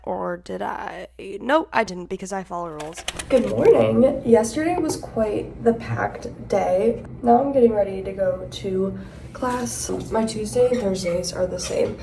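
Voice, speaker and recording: A woman's voice: medium pitch, moderate pace, creaky, darkish tone, a little hiss or hum. A young woman chatting casually as she vlogs her week as a student abroad, bubbly and full of "like". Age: young adult. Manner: bubbly, chatty, frequent "like" and laughs. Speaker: vlogger, study abroad student. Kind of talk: casual vlog narration.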